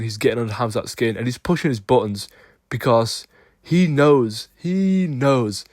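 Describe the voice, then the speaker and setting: A man's voice: mid-range voice, no room sound. Insistent male sports commentator, dry close mic. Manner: emphatic, insistent, argues his case. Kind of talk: opinionated video commentary.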